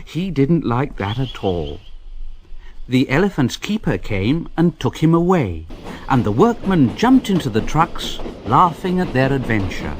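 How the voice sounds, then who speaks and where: A man reading a children's storybook aloud in a slow, expressive way. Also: mid-range voice. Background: background music.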